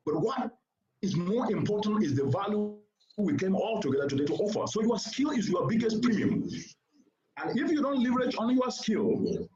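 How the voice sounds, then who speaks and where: A man's voice: sits high, darkish tone, a little hiss or hum. A man giving a formal keynote address to a seated audience, speaking in an oratorical, emphatic way and repeating points for stress. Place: conference venue before a seated audience. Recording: roomy, slightly dull sound.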